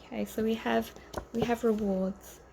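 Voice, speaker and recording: A woman's voice: a little high, steady tone, normal speed, vocal fry, background noise. A woman giving an informal tarot reading to camera, earnest and rambling, with frequent ums and self-corrections. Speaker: tarot reader.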